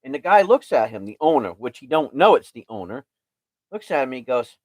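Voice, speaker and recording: Male host, casual rambling storyteller, animated intonation, dry sound. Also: mid-range voice, a little fast, dry recording. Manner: rambling retelling, fills with "right?". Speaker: show host.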